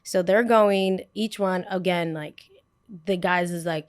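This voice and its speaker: A woman in her twenties, a podcast host, telling a story in a lively way, acting out what people said and laughing often. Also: fairly low pitch, takes it slowly, clean tone. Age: 20s. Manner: animated, acts out quotes, laughs often.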